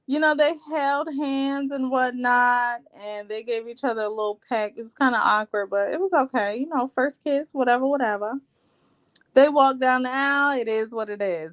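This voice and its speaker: A woman hosting a live reality TV recap, chatting in a sassy, gossipy, slangy way. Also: fairly high pitch. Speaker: show recap host.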